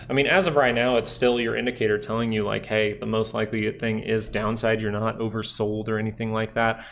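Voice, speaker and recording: A young man with a nasal, gravelly voice gives loose, rambling commentary on stock charts during a live stream. His pitch sits a little low, and he talks to his viewers in a relaxed way. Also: fairly quick, few pauses, slight background noise. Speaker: stock market livestream host. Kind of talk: casual live market commentary.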